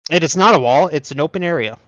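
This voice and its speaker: A man's voice: fairly high pitch, fast, fairly bright tone, dry recording, highs cut off. A man narrating a tabletop game as game master, describing scenes with fillers like "uh".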